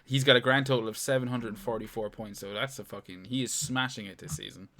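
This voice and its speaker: A man's voice: medium pitch, fairly even intonation, fast talker, bright, forceful tone. A young man co-hosting a podcast, rambling, joking and swearing in casual banter. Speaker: podcast co-host.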